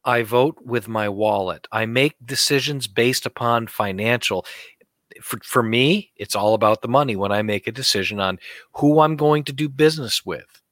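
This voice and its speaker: A man's voice: medium pitch, moderate pace, a bit bright, no echo. A man co-hosting a talk show, ranting bluntly and heatedly about politics and money.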